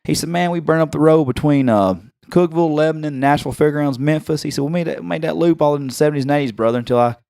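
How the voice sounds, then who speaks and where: A man with a Tennessee accent tells a story on a casual podcast at a rapid clip. He is animated and jumps into other people's voices as he goes. The sound is dry and close. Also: fairly high pitch, vocal fry, no room sound. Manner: animated, acts out quoted voices. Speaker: podcast host.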